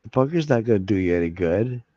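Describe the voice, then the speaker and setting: A man's voice: on the low side, expressive, fast talker, warm tone, no echo. Man, casual live-stream chat, rambling, swears and laughs, dry lo-fi desk mic. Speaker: streamer hosting a live hangout. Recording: dry, slightly dull lo-fi sound.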